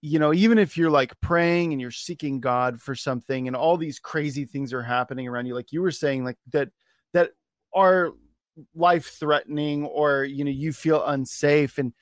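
A man hosting a podcast interview in a relaxed, rambling way. His voice sits a touch high. The sound is dry and close. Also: normal speed, no room sound. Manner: relaxed, rambling, many fillers and restarts. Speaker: podcast host. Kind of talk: casual interview conversation.

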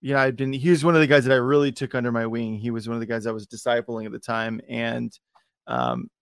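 A podcast host tells a personal story loosely and ramblingly, with many restarts and fillers. He talks fast in a mid-range voice with lively intonation, in clean studio sound with no room sound.

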